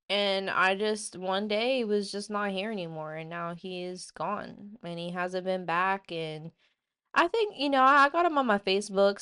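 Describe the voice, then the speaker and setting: A woman's voice: fairly low pitch, fairly bright tone, clear, resonant tone. A woman vlogger telling a personal story in a casual, rambling way, full of "like" and "you know". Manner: rambling, filler-heavy, many "like" and "you know".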